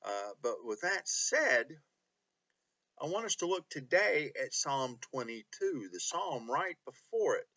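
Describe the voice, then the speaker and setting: A pastor leading a Bible study, speaking earnestly with many pauses and reading scripture with feeling. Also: male voice, a little high, very animated, bright, forceful tone, dull audio. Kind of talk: online Bible study teaching.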